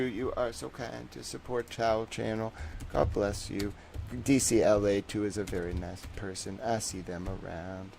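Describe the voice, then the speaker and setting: A man's voice: lowish voice, little pitch movement, normal speed, gravelly, darkish tone, rough recording. A young man hosting a livestream, talking casually and rambling, full of fillers and little acted-out voices. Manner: rambling, jokey, many fillers, acts out voices. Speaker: livestream host.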